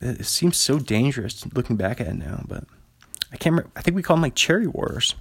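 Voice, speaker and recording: A man's voice: medium pitch, very animated, quick pace, vocal fry, breathy edge, no room sound. A man in his thirties from Washington State, hosting a solo podcast and telling rambling, digressive stories with frequent chuckles. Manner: digressive, chuckling, casual storyteller. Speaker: podcast host.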